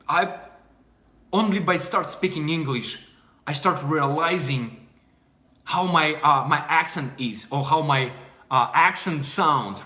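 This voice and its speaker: A young man from Russia with a Russian accent, giving a casual language lesson and repeating phrases slowly and clearly. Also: fairly high pitch, bright, forceful tone, roomy sound. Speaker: language teacher.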